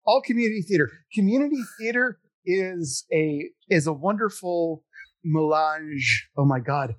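A man's voice: fairly high pitch, a little slow, no echo. Self-deprecating man telling theater stories. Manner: self-deprecating, animated, acts out quoted voices. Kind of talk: casual storytelling chat.

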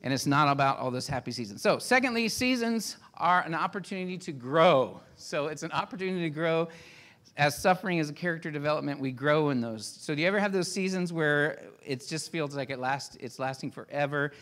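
Brief: man in his 50s, pastor, relaxed self-mocking sermon, bright forward tone. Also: fairly high pitch, fairly quick. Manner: casual, self-deprecating storytelling.

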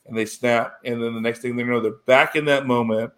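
A man in casual conversation, rambling through a story with plenty of fillers and restarts. His voice sits at an ordinary middle pitch, and he gets emotional as he goes. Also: steady tone, moderate pace, few pauses. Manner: rambling, full of "you know" and restarts, emotional. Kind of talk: casual chat recapping a TV episode.

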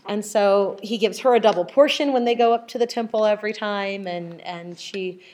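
A woman leading a casual group Bible study, retelling stories lively and acting out the voices of the people in them. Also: medium pitch, normal speed. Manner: animated storyteller, acts out quoted voices.

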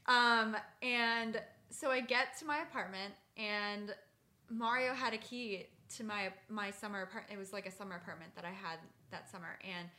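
A young woman co-hosting a podcast, telling stories in a chatty, animated way full of "like". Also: mid-range voice, normal speed. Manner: chatty storyteller, lots of "like", animated. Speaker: podcast co-host. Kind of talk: casual chat.

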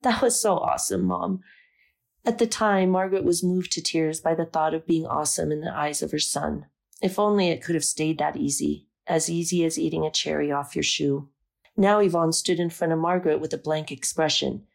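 Creaky-voiced woman reading a story. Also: low voice, fairly even intonation, brisk. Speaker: audiobook narrator. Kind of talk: scripted storybook narration.

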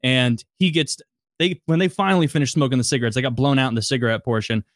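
A man telling a story in casual podcast chat, animated and profane, laughing as he goes. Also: medium pitch, quick pace, no room sound, studio quality. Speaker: podcast host.

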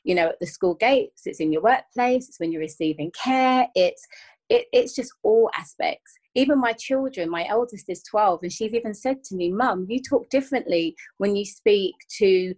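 Guest voice: earnest woman in her thirties, mid-pitched, reflective and repetitive. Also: animated, moderate pace, a little mellow. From England. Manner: earnest, circles back and repeats while searching for words. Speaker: podcast guest. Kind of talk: reflective conversational interview.

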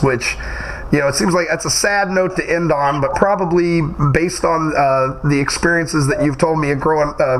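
A man with a slightly higher voice hosts an interview, trading teasing remarks and laughing easily. He asks loose, rambling questions. A faint hiss sits under his voice. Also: low-quality recording.

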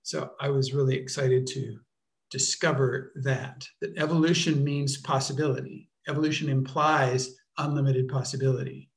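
A man teaching a workshop off the cuff, speaking deliberately and searching for words with frequent restarts. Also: mid-range voice, fairly even intonation. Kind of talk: unscripted workshop talk.

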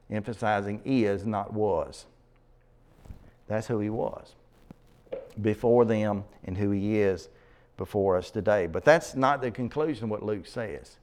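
A man of middling pitch preaches an expository sermon, reading scripture aloud with building emphasis on the key words. He pauses often to explain the verses and to point his listeners to other passages. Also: a little mellow. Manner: asks the listeners to turn to passages.

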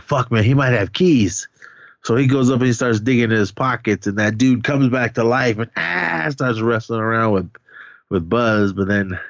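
A man's voice: fairly low pitch, no echo, muffled recording. Rambling man retelling a movie. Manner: rambling, animated retelling with voiced reactions and cursing. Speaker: podcast co-host recapping a film. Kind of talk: casual chat.

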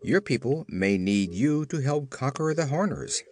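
A man's voice: mid-range voice, animated, unhurried, voice pushed up, close to an everyday voice. A man voicing Dorothy, a kind little girl in a storybook, in a reassuring manner.

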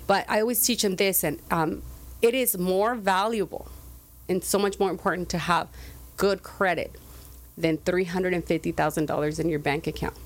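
Low-voiced woman explaining credit earnestly. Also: steady tone, moderate pace. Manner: earnest, explanatory, laughs easily. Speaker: guest, credit repair business owner. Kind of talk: casual interview chat.

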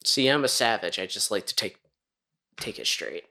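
A man's voice: on the low side, very animated, moderate pace, vocal fry, pushed and bright. A man co-hosting a podcast, brash and playful, swearing heavily in casual chat. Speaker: podcast co-host.

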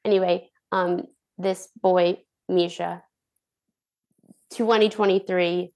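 A young woman, a former cruise ship dancer, telling stories as a guest in a casual interview, bubbly and animated, acting out the voices of people she quotes. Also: fairly low pitch, slow pace.

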